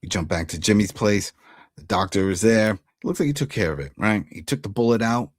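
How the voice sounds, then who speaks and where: A man talks through a TV episode in a loose, conversational way, his low voice swinging widely as he puts on quick versions of the characters' lines. The sound is dry and close, with no room around it. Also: dry recording. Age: adult who was once an altar boy. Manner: animated, acts out character lines in quotes. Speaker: TV recap host. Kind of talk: casual recap commentary.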